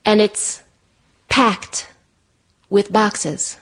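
Animated woman telling a breathless story. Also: lowish voice, moderate pace. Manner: animated, breathless, self-deprecating. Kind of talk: personal story told to an audience.

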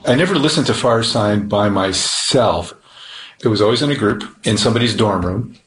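Male interviewee, thoughtful, lowish voice, roomy echo. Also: fairly quick, a bit bright. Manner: thoughtful, recalling. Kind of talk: reflective interview.

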